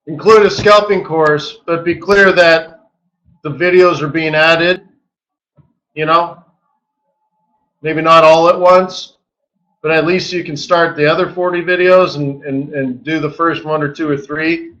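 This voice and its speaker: A man hosting a live trading webinar, walking through charts in an animated, joking way with lots of rhetorical questions. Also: a little high, measured pace, pauses often, low-quality recording. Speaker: forex market strategist hosting a daily webinar.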